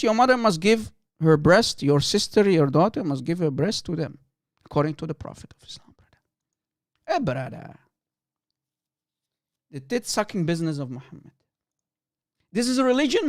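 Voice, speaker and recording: A man's voice: very high voice, no room sound, studio quality. A man hosting a livestream, giving heated, sneering commentary on a clip and laughing often. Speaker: livestream host.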